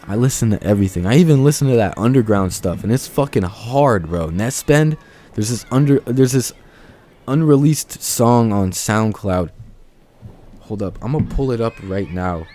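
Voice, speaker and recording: An actor playing a laid-back young amateur musician, telling a rambling, slangy, off-script story to the camera. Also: male voice, lowish voice, expressive, moderate pace, mellow, lightly acted. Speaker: aspiring musician.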